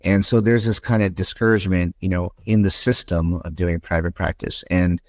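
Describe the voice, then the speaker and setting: A man's voice: deep voice, steady tone, normal speed, darkish tone, no echo. A man hosting a medical podcast, talking in a candid, rambling, conversational way. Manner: rambling, candid, with asides and restarts. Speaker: podcast host, interventional endoscopist.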